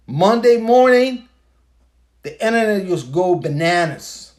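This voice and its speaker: A man in a loose monologue, retelling a story and swearing freely. His voice sits a little high for a man. He hammers his points home with rhetorical questions. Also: lively intonation, a little slow. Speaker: podcast host. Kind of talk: casual ranting monologue.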